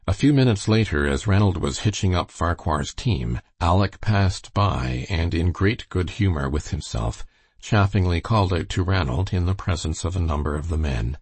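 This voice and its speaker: A man narrating a novel as an audiobook reader, in a steady storytelling manner. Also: sits low, normal speed, breathy edge, no room sound. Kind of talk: reading a novel aloud.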